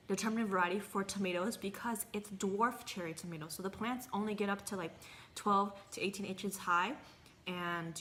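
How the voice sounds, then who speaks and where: A woman's voice: mid-range voice, a bit bright, slight background noise. A woman casually vlogging a tomato taste test, chatty and a bit hesitant, sometimes talking with her mouth full. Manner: chatty, hesitant, talks while eating. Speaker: gardening vlogger. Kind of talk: casual tasting vlog.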